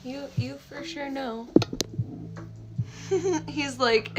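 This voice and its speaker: At home indoors, a woman livestreams on a handheld phone, cooing affectionately to her pets in casual baby talk with a high pitch and drawn-out words. Loud music plays behind her, making the clip very noisy.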